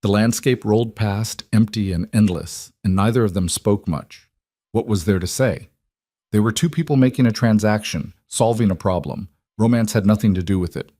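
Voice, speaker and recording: A man narrating a scripted story in an even, measured way. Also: fairly low pitch, no room sound, studio quality.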